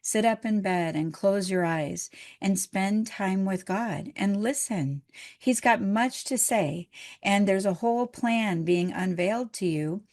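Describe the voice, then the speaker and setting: A middle-aged woman minister giving a gentle, encouraging, conversational sermon. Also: medium pitch, takes it slowly.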